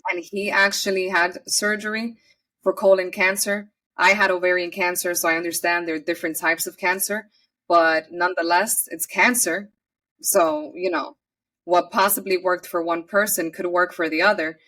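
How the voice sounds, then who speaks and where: A woman's voice: fairly low pitch, fairly even intonation, normal speed, pushed and bright, recorded from a distance. A woman from New York City, a podcast guest telling her personal story in an earnest, chatty way and often acting out her own past words.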